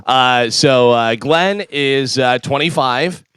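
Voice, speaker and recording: A man's voice: mid-range voice, takes it slowly, a bit bright, smooth, no echo, studio quality. A man co-hosting a morning radio show, chatting casually and hesitating with many uhs. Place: radio studio.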